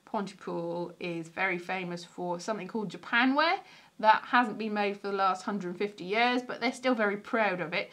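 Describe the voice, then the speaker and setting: A woman's voice: medium pitch, moderate pace, a bit bright. A woman from Wales, a comedian, chatting casually on a livestream from her stairs, rambling, greeting viewers and restarting sentences. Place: sitting on stairs at home.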